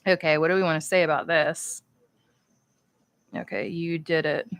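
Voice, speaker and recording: This woman's low voice has a clean tone, fairly even intonation and a normal pace, with no room sound. She's a voice actress chatting casually on a livestream, rambling playfully and cheerfully as she signs cards.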